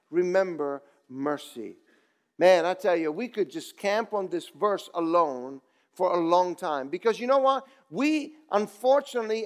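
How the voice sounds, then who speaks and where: A man preaching a sermon, reading scripture and praying, then urging his listeners on with rising fervor. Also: extremely high pitch. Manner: builds from slow prayerful reading to rising exhortation. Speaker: pastor.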